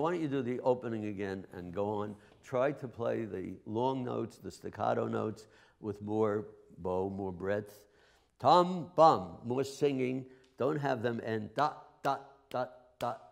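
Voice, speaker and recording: Gravelly low-voiced man coaching musicians. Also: mellow. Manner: sings musical phrases with nonsense syllables; halting, with frequent filler sounds. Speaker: master class teacher. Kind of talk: coaching a chamber ensemble. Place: live master class in a studio.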